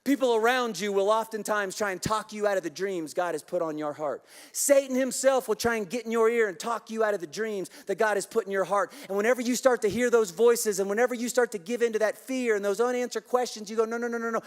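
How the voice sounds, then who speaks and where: A man's voice: sits high, fast, few pauses. A man preaching a sermon as pastor, passionate, leading the congregation in call-and-response. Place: large church auditorium. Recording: long hall reverb from a church auditorium. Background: congregation in the room.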